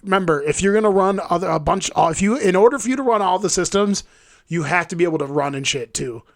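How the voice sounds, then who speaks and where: A man hosting a podcast, chatting casually about football with heavy swearing and animated stories. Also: high-pitched, fast talker, no room sound, clean studio sound. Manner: profane, animated storytelling. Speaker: podcast host. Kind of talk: casual sports chat.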